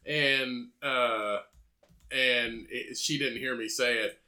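A young man chats on a casual podcast, blunt and full of swearing. His voice sits at an ordinary pitch for a man and has a very bright tone. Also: slow pace. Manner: blunt, profane and animated. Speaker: podcast co-host. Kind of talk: casual chat.

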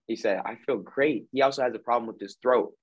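A man's voice: medium pitch, quick pace, dry recording. A male hypnotherapist telling a story in conversation, acting out the lines of the people in it. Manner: lively retelling, acting out quoted dialogue. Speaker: hypnotherapist guest. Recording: dull lo-fi dry recording.

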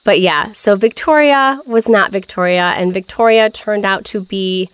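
A woman's voice: medium pitch, normal speed, clear, resonant tone, dry recording. Chatty woman podcast host, dry sound. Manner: chatty, wry storyteller. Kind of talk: casual storytelling chat.

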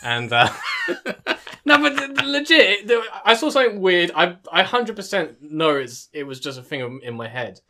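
A young man co-hosting a podcast, excitable and laughing often, swearing casually as he talks. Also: sits high, a little fast, few pauses, noisy background. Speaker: podcast co-host.

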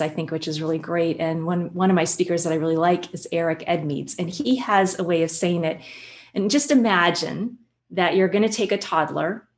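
A woman guest who works with children, explaining her work in an animated way and telling stories. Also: on the low side. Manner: animated storyteller, acts out quotes. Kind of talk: conversational explanation with anecdotes.

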